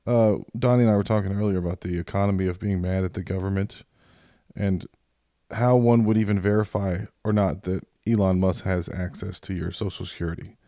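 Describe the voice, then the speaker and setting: A man's voice: deep voice, fairly even intonation, brisk, warm tone, dry recording, clean studio sound. A man co-hosting a podcast, telling crude jokes and stories in casual banter. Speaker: podcast co-host.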